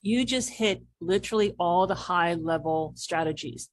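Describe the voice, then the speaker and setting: A woman's voice: fairly low pitch, moderate pace, no echo. A woman business coach answering as a podcast guest, explaining animatedly and acting out what people say. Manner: animated explaining, acts out quoted remarks.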